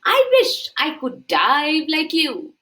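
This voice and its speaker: A man's voice: very high voice, wildly swooping pitch, takes it slowly, pitched above the performer's own voice, full character voice. A woman voicing a wistful little tortoise. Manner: polite, gently yearning. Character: wistful male tortoise who wishes to be others. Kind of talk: storybook read-aloud.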